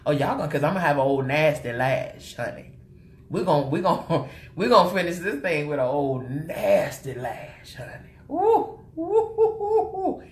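A woman's voice: sits low, normal speed. A woman hosting a live makeup tutorial, chatting with her viewers as she works and calling them honey and sugar. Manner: animated and chatty, greets viewers with terms of endearment. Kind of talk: live-stream chat with viewers while demonstrating makeup. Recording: roomy echo with faint music behind.

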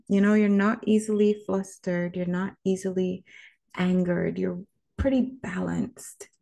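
Woman vlogger, low and mellow, measured and reflective, talks straight to camera. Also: gravelly. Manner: measured, speaks directly to the viewer. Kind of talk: reflective word-of-the-day vlog.

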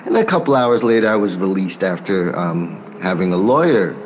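An American man, a record producer, answering interview questions in a measured way, pausing often with soft fillers and speaking forthrightly. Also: sits low, very animated, a little hiss or hum. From United States. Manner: outspoken and forthright. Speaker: record producer and label owner.

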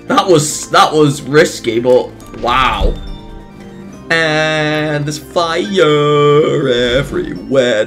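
Gamer for a let's play, unhurried but animated delivery, jumpy exclamations, rambling jokes, faint game music underneath. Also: medium pitch. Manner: excitable, exclaims and laughs often; rambling jokey asides. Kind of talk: casual gameplay commentary.

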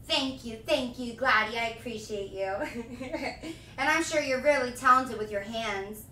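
A young woman with a high, bright voice gushes over her viewers on a live stream, breaking into excited shouts between relaxed thanks. She speaks slowly when calm. Her voice sounds a little off-mic in an echoey room with faint ambience. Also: recorded from a distance, a little hiss or hum. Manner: bubbly, gushing, with frequent excited shouts and laughs. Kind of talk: live stream chat, reading donations.

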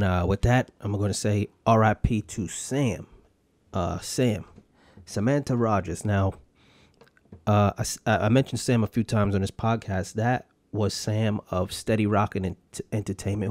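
A man's voice: fairly low pitch, darkish tone, dry recording. A young man hosting a solo podcast, rambling bluntly with heavy swearing and street slang. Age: young adult. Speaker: podcast host.

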